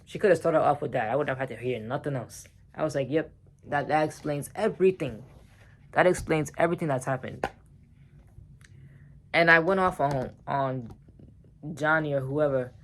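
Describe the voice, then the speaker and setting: A man's voice: a little high, normal speed, long pauses, a bit bright, slight background noise. A man telling a personal story in a casual vlog, heated and profane, talking straight to the viewers.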